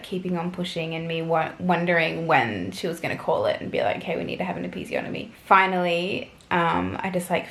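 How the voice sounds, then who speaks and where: A woman's voice: lowish voice, roomy sound. A young woman vlogger telling a personal story to camera in a chatty, gushing way, full of fillers.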